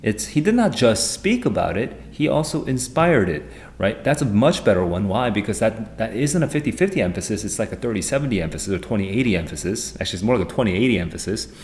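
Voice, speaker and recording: A man streaming live as an SAT tutor, thinking aloud in an excitable, rambling way as he walks through test questions at his computer. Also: lowish voice, quick pace.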